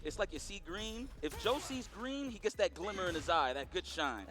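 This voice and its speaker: A man giving play-by-play commentary on a fighting game tournament, breaking down technical moments quickly. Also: high-pitched, animated. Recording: music playing behind commentary.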